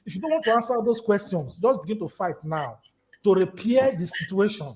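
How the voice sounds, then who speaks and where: A Nigerian man in his fifties with a Nigerian accent, an activist talking in an animated, storytelling way in an interview. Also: high voice, a little fast. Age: 50s. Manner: animated, storytelling, repetitive emphasis. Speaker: activist guest. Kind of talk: conversational interview.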